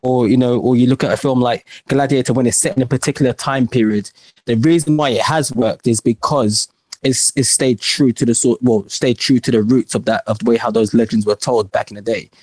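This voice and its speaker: A man's voice: mid-range voice, fairly even intonation, fairly quick, darkish tone, dry recording. Rambling man, casual podcast banter. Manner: rambling, restarts, swears. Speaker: podcast co-host. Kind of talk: casual film chat.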